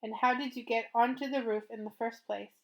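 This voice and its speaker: A woman's voice: on the high side, fairly even intonation, brisk, close to an everyday voice. A woman reading as a guarded, questioning young girl. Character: young girl, startled but steady.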